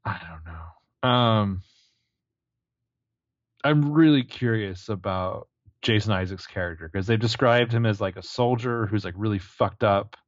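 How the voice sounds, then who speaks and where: A man co-hosting a podcast in casual chat, chatty and quick to laugh. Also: fairly low pitch, no room sound, highs cut off. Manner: chatty, laughs easily, jokey voices. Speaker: podcast co-host.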